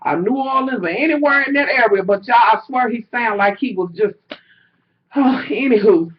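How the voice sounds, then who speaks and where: A woman telling a story to camera in casual vlog chat, loud and animated, with a lot of cursing and slang. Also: on the high side, normal speed. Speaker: vlogger. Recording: slightly dull lo-fi home recording.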